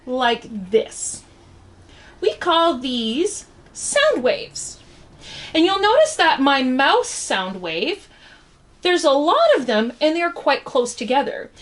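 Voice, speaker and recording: Woman, children's science lesson, playful and encouraging, high pitched, slow delivery. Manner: playful, encouraging, asks the viewer questions. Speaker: science educator.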